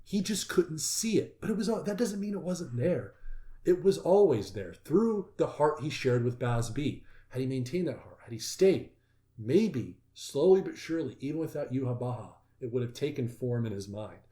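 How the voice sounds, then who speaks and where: A man hosting a casual discussion, reading notes aloud and growing loudly excited, with some swearing. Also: medium pitch, moderate pace. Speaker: podcast host.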